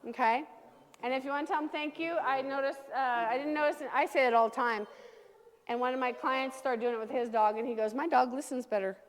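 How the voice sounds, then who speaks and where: Her tone steady, a high-pitched woman instructs a dog training class, guiding owners one step at a time and dropping in a quick "okay?" as she goes. The recording has a long reverb, as though made in a hall.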